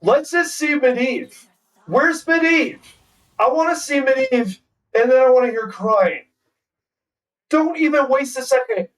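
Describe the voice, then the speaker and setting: A man's voice: very high voice, animated, measured pace, pauses often, fairly bright tone, far from the mic. A man streaming a card game live, ranting and swearing in profane trash talk at his opponent. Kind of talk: live gameplay commentary.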